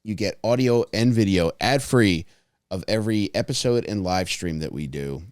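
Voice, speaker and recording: A man with a very low voice hosts a casual podcast, telling stories in a laid-back way. The recording is dry and close. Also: expressive, normal speed, clear, resonant tone, dry recording. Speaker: podcast host. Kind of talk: casual chat.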